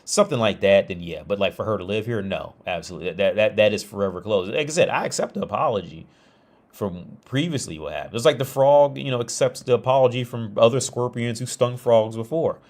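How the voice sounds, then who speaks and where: A man's voice: lowish voice, brisk, a little mellow. A man talking on a casual livestream, rambling with many restarts and fillers. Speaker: streamer.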